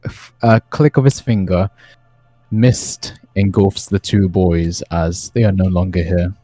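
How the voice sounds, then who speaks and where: A man's voice: deep voice, steady tone, unhurried, warm tone, dry recording, faint music behind, rough recording. A man narrating a tabletop game as game master, hesitant with many fillers.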